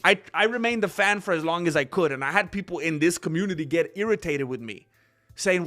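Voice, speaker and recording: A man's voice: high-pitched, animated, brisk, a bit bright. A man hosting an MMA commentary vlog, sarcastic and opinionated, acting out both sides of an argument. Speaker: MMA commentary channel host.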